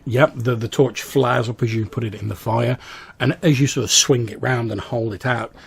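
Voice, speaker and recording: Gravelly husky game master. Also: male voice, mid-range voice, steady tone, normal speed. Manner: descriptive, hedging with "like" and "sort of". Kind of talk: narrating a tabletop game.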